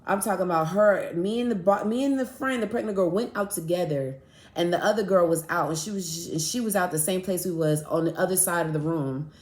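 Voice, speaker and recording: Woman podcast host, casual and blunt, swears freely, low-ish voice, roomy echo. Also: fairly quick. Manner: blunt, profane, animated storytelling. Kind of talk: casual storytelling.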